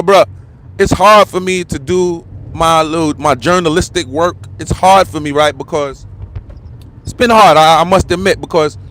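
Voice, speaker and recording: A man with a notably high-pitched voice delivers a fired-up live-stream rant. He repeats himself for emphasis and drops casual slang like "bruh" and "bro" between points. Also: fairly bright tone. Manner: heated, repetitive, slangy, calls listener "bro". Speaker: online commentator.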